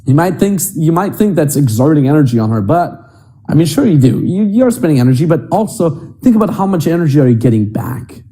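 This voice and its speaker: A man's voice: on the high side, big pitch swings, brisk, warm tone. A young adult man coaching other men on dating in a blunt, emphatic and profane way. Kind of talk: coaching monologue.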